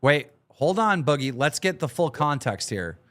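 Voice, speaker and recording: A man's voice: a little high, big pitch swings, normal speed, a bit bright. A man hosting a stream, casually recapping online drama with an offhand, swearing manner. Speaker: stream host.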